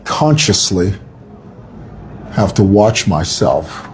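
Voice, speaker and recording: A man's voice: deep voice, sing-song, slow, a little hiss or hum. A man hosting a live online show, talking in a chatty, playful, rambling way. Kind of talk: live-stream commentary. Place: city workplace.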